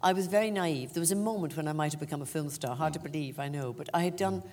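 Older irish lady, deep voice, chatty funny storyteller, big echoey hall. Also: fast talker. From Ireland. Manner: animated, self-mocking storyteller with frequent laughter. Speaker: actress, interview guest. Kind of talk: anecdotal stage interview. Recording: long hall reverb.

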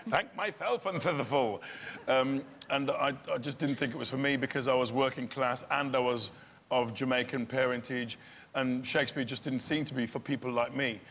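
A man's voice: mid-range voice, a bit bright. Laughing, chatty man in a big hall. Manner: chatty, laughing, acts out voices in his stories. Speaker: guest. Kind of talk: casual chat on stage. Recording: long hall reverb, faint room noise.

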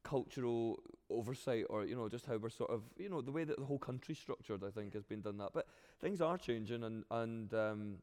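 Glaswegian man, actor in interview, lively, stumbling restarts, long hall reverb. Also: medium pitch, brisk, hardly any pauses. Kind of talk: interview answers.

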